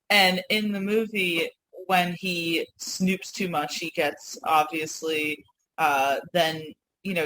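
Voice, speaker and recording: Rambling New York woman, lowish voice. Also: a bit bright, slight background noise, poor audio. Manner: rambling storyteller, laughs often, apologetic asides. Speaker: co-host. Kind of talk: casual podcast chat.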